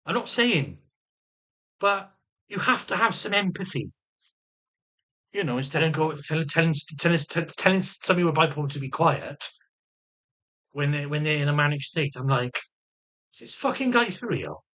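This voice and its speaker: A man's voice: fairly high pitch, expressive, normal speed, pauses often, bright, forceful tone. A middle-aged man ranting in a casual monologue, swearing heavily, restarting and repeating phrases as he goes, and sometimes mimicking other people's voices. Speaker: vlogger.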